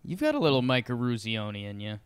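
A young man co-hosting a casual sports podcast, relaxed and joking. His voice is smooth and clear, at an ordinary pitch for a man. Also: fairly quick. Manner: relaxed, joking, short replies. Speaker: podcast co-host.

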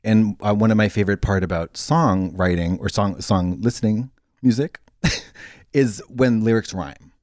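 A man co-hosting a podcast, in casual chat that rambles with halting restarts. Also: no echo, studio quality. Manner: rambling, halting restarts, lively pitch swings. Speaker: podcast co-host.

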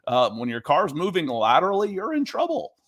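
A man's voice: a little high, huge pitch swings, brisk, fairly bright tone, husky. A man co-hosting a sports podcast, chatty and given to storytelling asides. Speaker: podcast co-host. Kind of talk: casual sports talk. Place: Atlanta.

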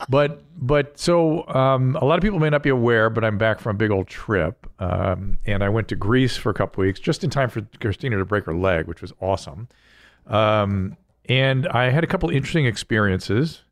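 A man's voice: on the low side, moderate pace. An older man hosting a podcast in casual chat, rambling and often breaking off mid-sentence. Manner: rambling, self-interrupting. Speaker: podcast host.

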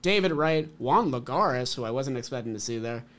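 A man's voice: medium pitch, animated, moderate pace, a bit bright. A man co-hosting a podcast in casual sports chat, upbeat and teasing. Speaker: podcast co-host.

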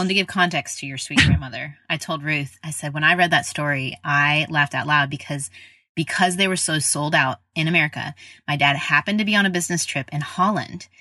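Bright, bubbly woman host. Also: sits low, dry recording. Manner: bubbly, playful. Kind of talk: casual interview chat.

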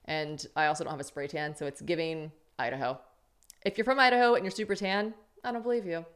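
A woman's voice: sits low, steady tone, quick pace, clear, resonant tone. A woman in her thirties hosting a comedy podcast, talking in a brash, joking, profane way. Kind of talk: casual podcast chat.

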